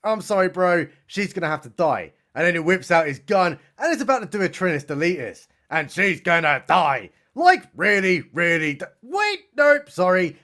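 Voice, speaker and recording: A man's voice: high voice, a bit bright. A young man giving a sarcastic, mocking comedic film recap. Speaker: film reviewer.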